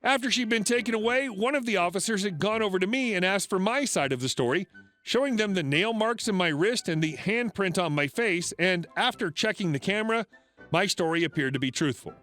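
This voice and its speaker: Lively, high-voiced male story narrator. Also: brisk. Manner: wry and expressive. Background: faint music.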